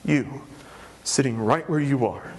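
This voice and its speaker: A man's voice: medium pitch, expressive, measured pace, darkish tone. A man preaching a sermon, earnest and emphatic, stressing his points through repetition. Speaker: pastor.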